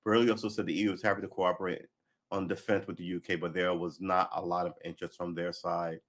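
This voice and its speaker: A man's voice: sits low, level tone, quick pace, a bit bright. A man reading news articles aloud on a livestream, stumbling over the text and adding sarcastic asides. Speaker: livestream host.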